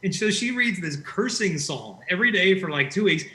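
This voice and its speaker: Male guest, high-ish and bright, animated storyteller, roomy echoey sound. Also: a little fast. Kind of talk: conversational interview. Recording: roomy echo.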